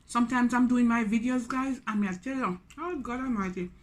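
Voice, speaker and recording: A Jamaican woman in her forties chats casually on a mukbang vlog, slipping into Patois between English sentences. Her voice is on the high side and a little fast.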